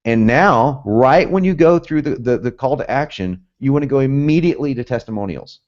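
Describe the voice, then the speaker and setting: A man's voice: mid-range voice, animated, a little fast, a little mellow, dull audio. A man with a Southern US accent with some Northern traces, teaching a copywriting course in an emphatic, pumped-up way, full of repetition and asides. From United States, both North and South. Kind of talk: energetic teaching talk.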